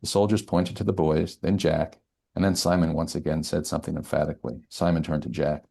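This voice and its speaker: Very deep, gravelly male author reading. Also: flat delivery, a little fast, dark tone. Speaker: novelist. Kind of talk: author reading his own novel aloud.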